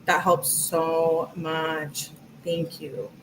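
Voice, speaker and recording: A woman's voice: low voice, flat delivery, drawn-out words, slight background noise, poor audio. A woman hosting a casual livestream, chatty and rambling as she reads through text messages and thanks her viewers. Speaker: livestream host.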